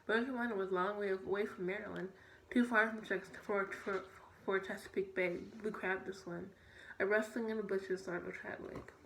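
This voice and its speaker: A woman's voice: mid-range voice, steady tone, brisk, vocal fry. A young woman reads a children's story aloud, tripping over words and correcting herself as she goes. The room is echoey, with a faint noise behind her voice. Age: young adult. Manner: stumbling, self-correcting read. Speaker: student reader.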